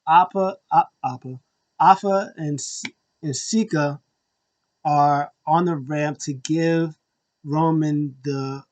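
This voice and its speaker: A man hosting a wrestling review, retelling a match in an excited, rambling play-by-play way. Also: on the high side. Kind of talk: casual wrestling recap.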